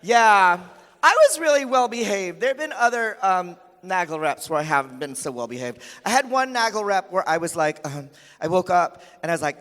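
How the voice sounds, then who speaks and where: A man with a high voice and moderate pace emcees a conference on a large hall stage, and his humorous stories play like stand-up comedy. Animated, he impersonates everyone he quotes, while echoey reverb fills the recording.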